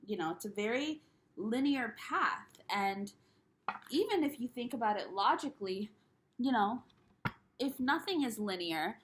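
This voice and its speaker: A woman's voice: fairly high pitch, animated, unhurried, a little hiss or hum. Rambling young woman vlogging casually. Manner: rambling, frequent restarts and laughs; candid, loose and self-mocking. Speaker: spiritual YouTuber. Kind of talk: casual solo vlog chat.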